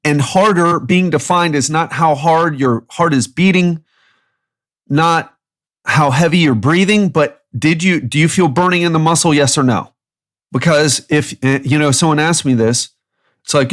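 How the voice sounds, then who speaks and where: A man hosting a fitness podcast alone, a coach who talks bluntly and emphatically in quick bursts. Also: on the high side, fairly bright tone. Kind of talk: solo podcast monologue.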